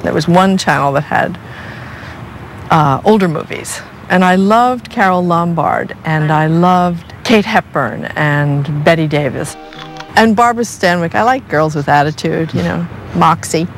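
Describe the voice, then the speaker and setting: A woman in her sixties from New Jersey, an actress answering interview questions in an animated, playful way and laughing often. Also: lowish voice, measured pace, faint music behind. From New Jersey, USA. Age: 60s. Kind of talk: relaxed conversational interview.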